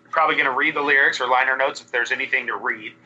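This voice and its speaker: A man's voice: mid-range voice, rapid-fire. Man on a dull lo-fi call. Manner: relaxed, rambling with fillers. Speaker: band singer, guest. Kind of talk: remote podcast interview.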